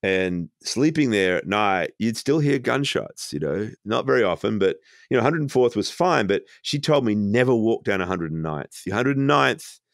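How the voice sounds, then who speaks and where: Low-voiced reflective man, halting speech. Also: animated, creaky, no echo, clean studio sound. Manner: reflective, halting, many restarts. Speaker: podcast guest. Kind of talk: casual conversation. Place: at home.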